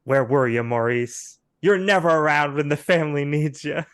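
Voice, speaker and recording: A man voicing a bitter grown son in a cowboy hat in a soap opera, speaking loudly. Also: medium pitch, fairly quick, dry recording, clean studio sound, lightly acted. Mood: accusing.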